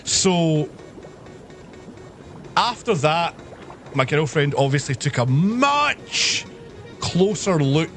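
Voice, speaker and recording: A young man with a slightly high voice tells a rowdy, swear-filled story straight into his desk mic during a live stream. He acts out the voices of people in the tale, and music plays softly behind him. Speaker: livestreamer.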